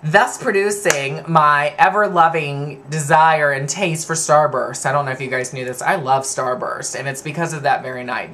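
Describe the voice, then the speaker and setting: A man's voice: mid-range voice, bright, forceful tone, slight background noise. A man candidly telling personal stories to his viewers, rambling and laughing at himself. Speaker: vlogger. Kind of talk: personal storytelling to camera.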